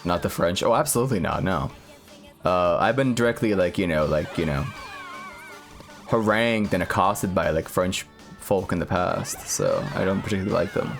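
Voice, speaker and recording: A man streaming a game and chatting casually, rambling with lots of filler words and deadpan jokes. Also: deep voice, moderate pace, faint music behind. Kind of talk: casual gaming stream chat.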